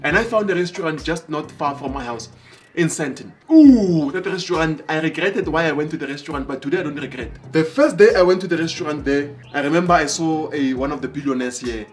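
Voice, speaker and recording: High-voiced animated man. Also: fairly quick, faint music behind. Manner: animated, bursts into excited exclamations. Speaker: motivational speaker. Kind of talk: motivational storytelling.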